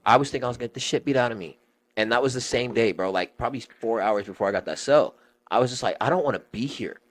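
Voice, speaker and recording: A young man, a podcast guest, telling stories in animated, slangy casual chat and swearing freely. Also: mid-range voice, fast.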